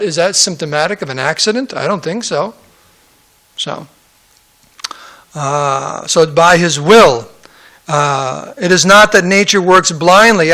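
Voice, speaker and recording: A man with a fairly high, bright voice teaches a scripture class in a relaxed, conversational way. He breaks off from the reading for joking asides and puts on quoted voices. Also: moderate pace. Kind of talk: sermon-style scripture class.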